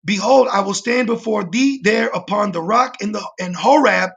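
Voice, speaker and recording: High, gravelly-voiced male preacher. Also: a bit bright, dull audio. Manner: emphatic, repeats "man" as a tag; halting, with frequent fillers and restarts. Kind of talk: livestreamed sermon with scripture reading.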